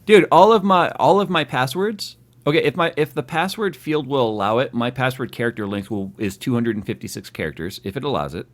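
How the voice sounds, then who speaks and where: A man's voice: mid-range voice, animated, fairly quick, hardly any pauses. A man hosting a tech live stream, chatting casually and teasing his co-host. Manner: teasing, joking.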